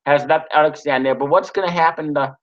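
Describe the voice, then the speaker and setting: A TV episode reviewer with a slightly high voice reads a recap, then gives his own review. His delivery is halting, with frequent stops, restarts, and filled pauses. The recording sounds dull and lo-fi.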